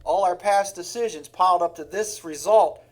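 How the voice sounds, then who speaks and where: A man's voice: high voice, normal speed. A man preaching a sermon in a heartfelt way, with sighs and acted-out examples.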